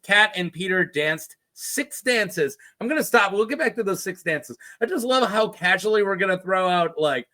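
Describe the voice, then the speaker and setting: A man casually retelling fantasy lore as a video host, chatty and joking with quick asides. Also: high voice, lively intonation, bright, forceful tone. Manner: chatty, jokey asides with put-on quote voices.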